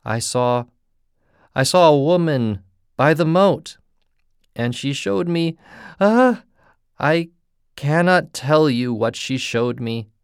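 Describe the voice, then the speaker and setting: A man voicing a kind grown man who gently pleads and later gasps in terror. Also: medium pitch, animated, slow, smooth, no room sound, clean studio sound. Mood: terrified panting. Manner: pleading, then panting and gasping.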